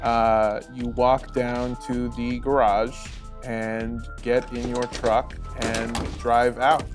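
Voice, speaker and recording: A man narrating as game master of a comedy tabletop role-play, relaxed and filling his pauses with "uh". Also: medium pitch, soft background music. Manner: relaxed, many "uh" fillers.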